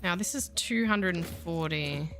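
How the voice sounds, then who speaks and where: A woman's voice: on the low side, a little slow, fairly bright tone, faint music behind. A woman with an Australian accent giving chatty, playful, self-mocking commentary while streaming a video game. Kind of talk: casual let's-play commentary.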